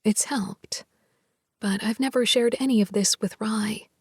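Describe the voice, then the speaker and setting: A woman narrating a first-person romance in a soft, half-whispered voice. Her pitch sits a little high, her pace is unhurried, and her tone is breathy, recorded dry and close. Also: steady tone, no echo. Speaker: audiobook narrator.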